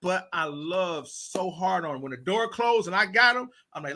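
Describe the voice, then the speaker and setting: High, bright-voiced animated male storyteller. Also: normal speed, hardly any pauses. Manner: animated storyteller, acts out voices of kids and parents; blunt and boisterous, laughs often. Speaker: teacher and basketball coach, guest. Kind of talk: casual podcast conversation.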